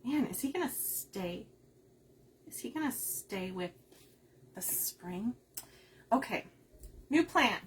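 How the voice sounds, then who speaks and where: A talkative woman from the Upper Midwest chats her way through a craft project on a livestream. Her fairly high voice swings up and down a lot, and she laughs often. A faint hiss sits under her voice. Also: very animated, unhurried, long pauses. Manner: chatty, laughs often, reads viewer comments aloud. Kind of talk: casual chat while crafting.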